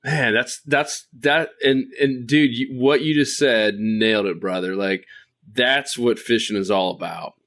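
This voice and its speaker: A man's voice: medium pitch, measured pace, a bit bright. A man hosting a casual podcast chat, enthusiastic and friendly, calling his guest "dude" and "brother". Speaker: podcast host.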